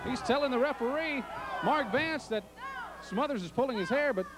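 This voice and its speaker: Excited wrestling announcer, high voice. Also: male voice, normal speed, noisy background. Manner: excited, joking, shouts at big entrances. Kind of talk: play-by-play commentary.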